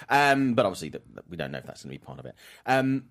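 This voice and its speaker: A man's voice: on the low side, sing-song, rapid-fire, fairly bright tone. A man hosting a casual podcast chat, reading out viewer comments and rambling with self-corrections and jokes.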